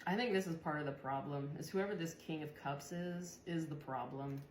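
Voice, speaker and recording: Low-voiced woman doing a tarot reading. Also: normal speed, a little mellow. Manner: chatty, swears, laughs often. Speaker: tarot reader. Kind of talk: casual tarot reading monologue. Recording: echoey room, faint background noise.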